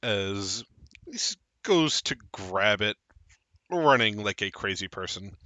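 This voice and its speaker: A man narrating a tabletop game as game master, with animated, quick narration. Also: fairly low pitch, dry recording.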